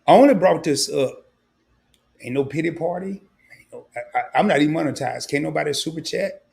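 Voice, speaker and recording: An older man's voice, sitting on the high side and darkish with vocal fry, moves fairly quickly with lively intonation. He's hosting a livestream, rambling candidly in casual talk that carries real emotion.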